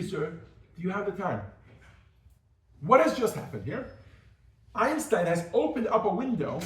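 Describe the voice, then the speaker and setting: A man with a high, very lively voice teaches a class as a rabbi, jumping into quick acted-out scenes as he explains. He sounds far from the microphone in a room with a lot of echo. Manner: animated, acts out little scenes in different voices. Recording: echoey room, mic far off.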